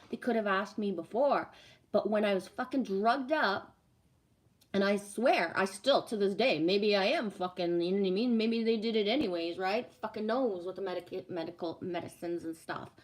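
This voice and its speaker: A woman reading cards on a live stream, chatting casually, swearing freely and answering viewer comments. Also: medium pitch. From Canada. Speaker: livestream card reader.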